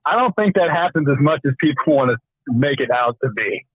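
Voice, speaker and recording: A man calling in to a podcast, chatting in a relaxed, easygoing way. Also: a little high, brisk, slightly rough, no room sound. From Kansas City, Missouri. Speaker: caller, mail carrier. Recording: tinny phone line.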